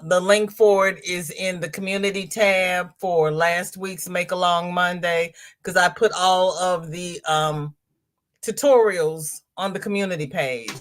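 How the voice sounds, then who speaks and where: A woman hosting a casual crochet livestream, chatting in a rambling way and reading viewer comments aloud. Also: fairly low pitch. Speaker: crochet channel host reading live chat.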